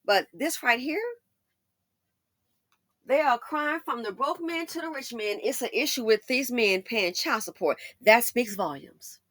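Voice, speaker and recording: A woman's voice: on the high side, lively intonation, a little slow, fairly bright tone, no echo, studio quality. A woman giving sassy, emphatic, opinionated celebrity commentary. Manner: sassy, emphatic, mocking asides. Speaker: commentary channel host.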